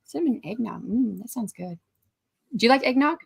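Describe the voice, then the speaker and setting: A woman's voice: fairly high pitch, lively intonation, moderate pace, gravelly, husky. A woman in her forties hosting a casual writing livestream, chatting, greeting viewers by name and reading out their messages. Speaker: livestream host.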